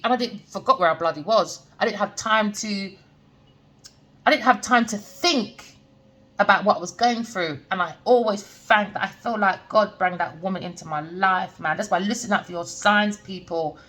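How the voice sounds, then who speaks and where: A woman's voice: medium pitch, a bit bright. A woman giving a spoken tarot reading, blunt and slangy, repeating her points to lecture the viewer. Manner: emphatic, repetitive, lecturing the viewer. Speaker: tarot reader.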